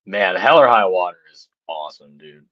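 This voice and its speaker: A man's voice: sits low, animated, moderate pace, no room sound. Man, sports talk co-host, laid-back, slangy, dull lo-fi sound, dry.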